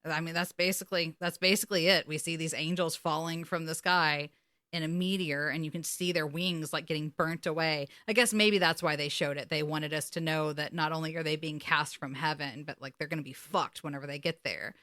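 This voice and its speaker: A woman's voice: sits low, brisk, no room sound, clean studio sound. A woman, co-hosting a podcast recap, telling the story emotionally and swearing often. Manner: emotional, swearing, animated retelling. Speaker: podcast co-host. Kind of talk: casual recap chat.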